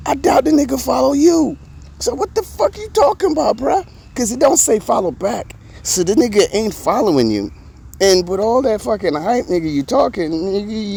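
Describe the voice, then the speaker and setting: A man giving casual, profane ranting commentary in an animated, mocking way. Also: sits high, gravelly, breathy edge.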